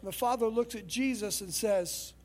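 High-voiced man preaching a sermon. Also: moderate pace, darkish tone. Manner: conversational storytelling preaching. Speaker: pastor.

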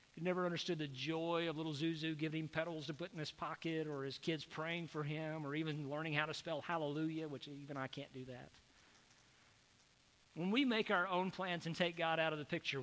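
A man preaching a sermon as pastor, animated, acting out the voices of people he quotes. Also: fairly high pitch. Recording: echoey hall with long reverb.

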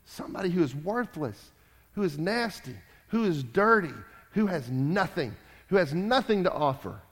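A man preaching in a church, his fairly high voice ringing through a long hall reverb. He preaches emphatically, repeats his lines, and swings between loud declarations and quiet asides. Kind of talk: sermon.

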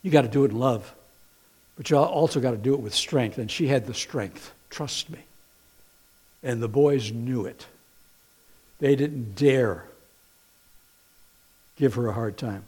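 A middle-aged man preaching a sermon in an animated way, swinging from quiet to loud, telling stories with folksy, playful asides. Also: mid-range voice, measured pace, long pauses, breathy edge. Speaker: pastor.

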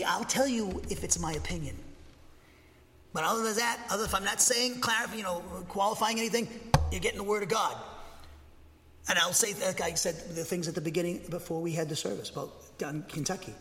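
A man preaching a sermon from a pulpit, emphatic and dogmatic, getting excited and speaking with conviction. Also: sits high, fairly quick, a little hiss or hum. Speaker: pastor. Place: church. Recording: long hall reverb.

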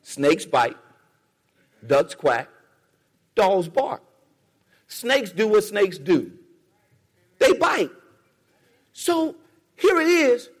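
A man's voice: sits high, very animated, very slow, pauses often, long reverb tail. A man preaching a sermon in a church, rhythmic and repetitive, calling on the congregation to respond. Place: church sanctuary.

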